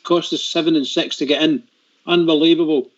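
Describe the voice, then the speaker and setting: An older Scottish man on a radio panel, reminiscing in a halting way with many restarts. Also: on the high side, fairly even intonation. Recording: dull lo-fi radio sound.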